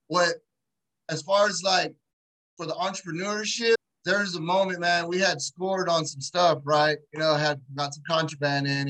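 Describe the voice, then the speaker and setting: A man in an interview, telling stories in animated, slangy, profane street talk. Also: on the high side, low-quality recording. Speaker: guest, entrepreneur. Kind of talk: casual interview storytelling.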